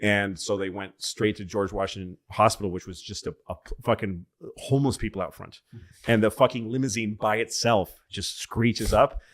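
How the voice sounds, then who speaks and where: A man on a comedy podcast telling a long rambling story in casual chat, profane and loose, breaking into loud excited bits. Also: fairly low pitch, moderate pace. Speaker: podcast co-host.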